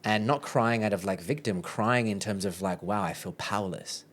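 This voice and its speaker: A man's voice: on the low side, normal speed, a bit bright. A man with an Australian accent, a podcast guest telling a personal story in a chatty, candid way, often quoting his own thoughts and laughing as he goes.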